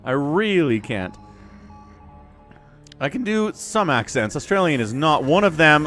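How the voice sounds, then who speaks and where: A man giving live game commentary as a streamer, chatty and excitable, laughing often and talking to his chat. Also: fairly high pitch, unhurried, soft background music. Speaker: esports caster and streamer.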